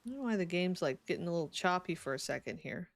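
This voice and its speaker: A woman's voice: on the low side, animated, fast, no room sound. A young woman streaming a life-sim game, chatting casually and giggling as she talks to her characters, sleepy and yawning. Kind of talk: casual live game commentary.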